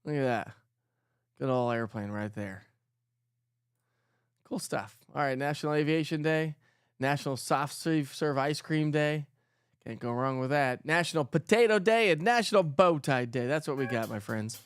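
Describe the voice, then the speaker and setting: A man's voice: fairly high pitch, expressive, normal speed, clear, resonant tone, no echo, studio quality. A middle-aged man hosting a casual weather livestream, chatting with viewers and reading their comments aloud. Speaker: weather show host.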